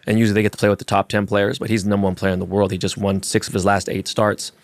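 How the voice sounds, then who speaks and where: Male podcast co-host, rapid storyteller with a gravelly edge, voices the people in his anecdotes; dry recording. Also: lowish voice, no room sound. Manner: animated storyteller acting out quotes. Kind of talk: casual storytelling. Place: golf course.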